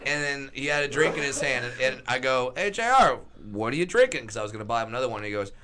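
An excitable man chatting casually on a podcast, stumbling over his words as he rushes ahead. His voice is bright and ringing. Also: mid-range voice. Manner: excitable, stammering, laughing.

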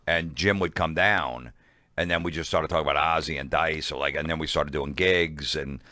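A middle-aged man with a New York accent, a comedian guest telling animated stories and acting out the voices of the people in them. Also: very deep voice, moderate pace, dry recording, clean studio sound. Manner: animated anecdote-telling, acts out quoted voices. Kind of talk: casual storytelling chat.

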